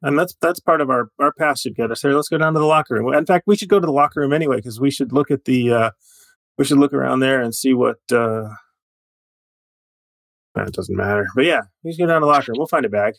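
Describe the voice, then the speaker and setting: A man playing a tabletop game with a wry, offhand manner. His voice sits at an ordinary pitch and is recorded dry and close. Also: fast, gravelly, no room sound. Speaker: player. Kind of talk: casual tabletop play.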